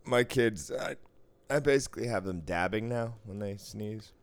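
A blunt, crude man co-hosting a casual podcast, swearing freely and laughing at his own jokes. His voice sits very low, and he talks right into the microphone. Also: normal speed, no echo. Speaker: podcast co-host. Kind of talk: casual chat.

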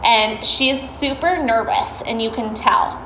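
A woman chats to a class in a casual storytelling way, with lots of fillers and little laughs. Her voice sits a bit high. The room is echoey and the sound a bit muffled. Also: slow, noisy background. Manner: chatty, many fillers, laughs often.

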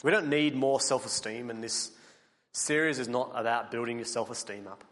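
A man preaching a sermon, earnest, building to emphatic peaks and then dropping quiet. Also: mid-range voice, steady tone, moderate pace, in a large hall. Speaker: pastor.

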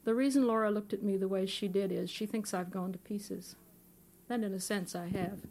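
A woman at a live fiction reading, voicing a weary middle-aged divorcee who speaks quietly and apologetically. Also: medium pitch, fairly even intonation, normal speed, natural voice. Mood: apologetic.

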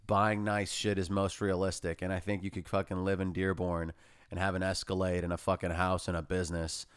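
A young man with a lowish, smooth voice, swearing freely and joking bluntly as a podcast guest. He is recorded close and dry, with no room around him. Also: little pitch movement, a little fast, no echo. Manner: blunt and profane, jokey. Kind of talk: casual podcast chat.

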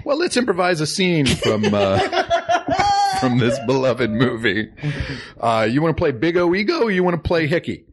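A man's voice: a little high, huge pitch swings, measured pace, long pauses, a crowd in the background. A man hosting a casual comedy podcast, chuckling and telling rambling trivia. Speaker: podcast host.

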